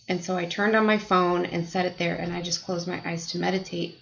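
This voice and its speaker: Chatty American woman, gravelly low voice. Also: steady tone, brisk, hardly any pauses, lo-fi sound, a little hiss or hum. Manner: chatty, reflective, many fillers. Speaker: spiritual vlogger. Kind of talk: casual personal story to camera.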